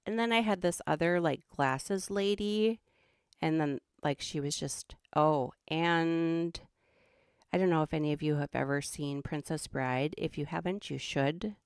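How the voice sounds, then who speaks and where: Low-voiced chatty Minnesotan woman. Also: clean tone, no echo, studio quality. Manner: rambling and chatty, laughs often. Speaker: host. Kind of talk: casual livestream chat.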